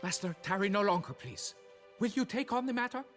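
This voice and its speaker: An actor playing a flustered, stingy quarry foreman who talks in a fussy, excitable, wheedling way in a video game. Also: high voice, a little fast, soft background music. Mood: pleading.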